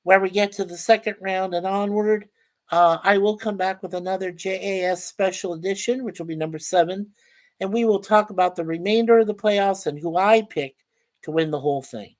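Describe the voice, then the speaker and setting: A man's voice: high voice, fairly quick. A chatty man hosts a casual livestream in an easygoing, rambling way. He reads out viewer comments, welcomes people one by one, and trips over his words now and then. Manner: chatty, stumbles and repeats words. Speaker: livestream host.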